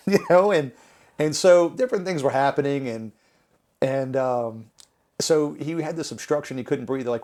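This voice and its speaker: A man, a podcast guest telling stories in a relaxed, conversational way. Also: medium pitch, normal speed. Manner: animated, laughing through anecdotes, acting out quotes. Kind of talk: conversational storytelling.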